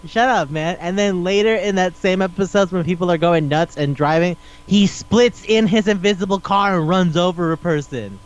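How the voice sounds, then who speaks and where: Podcast co-host, male, fairly high voice, rambling and profane, dull lo-fi mic. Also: moderate pace, few pauses, smooth. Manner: animated, rambling, swears freely. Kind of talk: casual chat.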